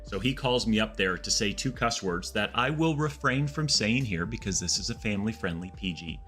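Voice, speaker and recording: Male streamer, lowish voice, bright tone, casual rambling anecdotes, faint game music behind. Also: moderate pace. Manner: rambling, animated anecdotes with frequent restarts. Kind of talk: casual storytelling chat.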